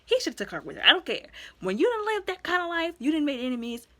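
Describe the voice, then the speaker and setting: A woman's voice: high voice, big pitch swings, fast, fairly bright tone. A woman giving a casual, chatty movie review, acting out the characters' lines as she retells the story.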